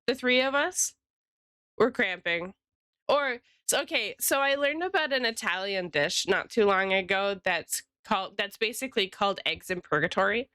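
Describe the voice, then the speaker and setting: Woman streamer, casual rambling chat with viewers, mid-pitched, crisp and clean. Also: expressive, moderate pace, bright, forceful tone, no echo, clean studio sound. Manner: chatty, rambling, greets chat by name. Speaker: freelance illustrator and streamer.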